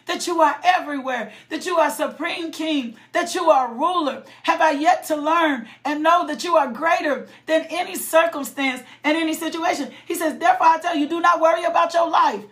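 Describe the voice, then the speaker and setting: A woman with a high voice preaching a passionate sermon. She shouts, breaks into sudden high cries and call-outs, and doubles back over her words as the feeling builds. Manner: halting, repeating phrases. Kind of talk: impassioned sermon.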